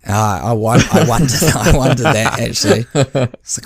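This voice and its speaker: A man's voice: mid-range voice, normal speed, slightly rough, dry recording. A man, co-hosting a podcast and chatting casually as an endurance coach, often laughing and acting out his own dialogue. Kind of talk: casual chat.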